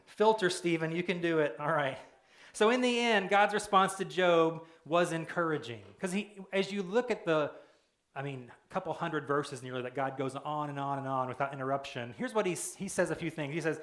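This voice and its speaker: A man with a high voice delivers a casual sermon and talks to the congregation like a friend, dropping joking asides and acting out the voices he quotes. The sound is roomy and echoey, as if it were recorded in a church hall. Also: moderate pace, a bit bright. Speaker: pastor.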